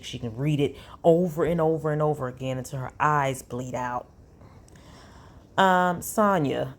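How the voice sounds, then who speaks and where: Woman, low voice, reads texts aloud, sassy commentary. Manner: sassy, incredulous asides. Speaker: commentary vlogger. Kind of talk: reading text messages aloud with commentary.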